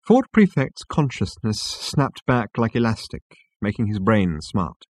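A man narrating a storybook chapter in a slow, measured, dramatic reading. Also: on the low side, sing-song, darkish tone, husky, no room sound. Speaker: audiobook narrator. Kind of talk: scripted narration.

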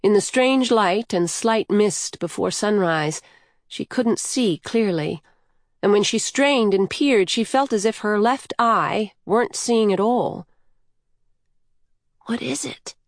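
A woman reading a novel aloud in measured, even storytelling. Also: mid-range voice, no room sound, clean studio sound. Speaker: audiobook narrator. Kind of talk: scripted narration.

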